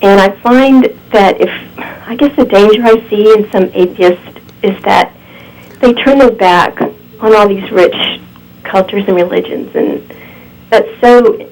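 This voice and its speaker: A woman calling into a talk show, speaking haltingly as she searches for words. Her voice is going hoarse. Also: mid-range voice, darkish tone, low-quality recording. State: losing her voice. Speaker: caller. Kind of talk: call-in conversation.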